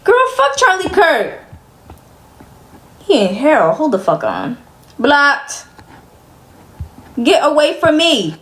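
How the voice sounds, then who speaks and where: Young woman streamer venting to chat, high voice, cussing, exasperated, loud then mumbly. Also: wildly swooping pitch, takes it slowly, pauses often. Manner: exasperated, profane, swinging between loud disbelief and weary muttering.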